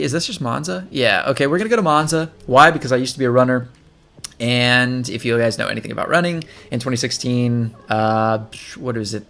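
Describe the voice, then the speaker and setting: A man hosting a gaming channel, giving casual gameplay commentary and chatting as he thinks aloud while playing. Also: medium pitch.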